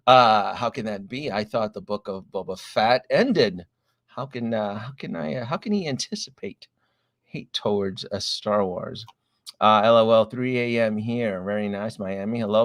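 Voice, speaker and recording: A man's voice: mid-range voice, dry recording. Stream host, middle-aged man, a bit breathless from a cold, chatty roll-call delivery, dry close sound. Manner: chatty, greets viewers one by one with filler "uh"s. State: recovering from a chest cold, a bit short of breath. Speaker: livestream host. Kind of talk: casual live-stream chat reading viewer names.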